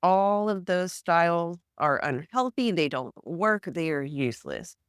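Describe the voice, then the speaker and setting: A woman speaking as a guest therapist in a casual podcast conversation, frank and animated, acting out everyday examples. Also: lowish voice, a little slow, smooth, no echo, studio quality.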